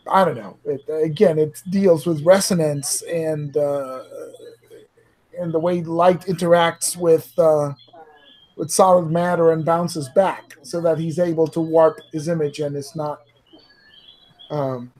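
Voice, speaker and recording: A man chats through a tabletop game over a video call. He pauses often and fills the gaps with fillers. His voice sits a little high and he talks slowly. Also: steady tone, dark tone. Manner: hesitant, many pauses and fillers. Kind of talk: casual game chat.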